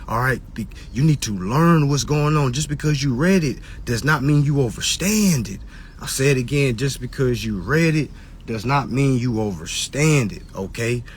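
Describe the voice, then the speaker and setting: A man's voice: mid-range voice, a little hiss or hum. A man lecturing his live-stream followers in casual, preachy talk, repeating his points and mocking people in put-on voices. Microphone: phone on a live stream.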